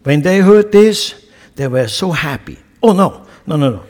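A man's voice: fairly high pitch, animated, normal speed, darkish tone. A man preaching a sermon with impassioned, rhetorical delivery and scornful asides. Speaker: pastor. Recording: long hall reverb.

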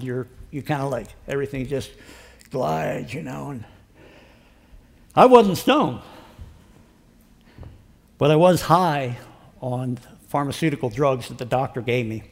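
Older man telling a rambling story. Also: mid-range voice. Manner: rambling, folksy, acts out quoted dialogue. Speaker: storyteller giving a personal testimony. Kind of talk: casual spoken storytelling. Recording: long hall reverb.

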